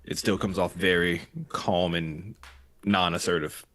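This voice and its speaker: A man's voice: low voice, steady tone, a little slow, a bit bright. Hesitant man thinking aloud as a player. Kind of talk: tabletop game play.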